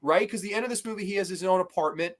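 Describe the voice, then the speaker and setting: A man talking in a relaxed podcast conversation. His voice sits a bit higher than most. He is animated and loose, swears freely and drifts through fillers and restarts. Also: racing. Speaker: podcast co-host. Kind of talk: casual podcast chat.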